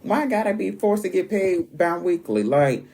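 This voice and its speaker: A man hosting his own podcast, telling stories in a rambling, animated, casual way with sudden jumps in pitch. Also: moderate pace, vocal fry. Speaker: podcast host. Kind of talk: casual solo podcast monologue.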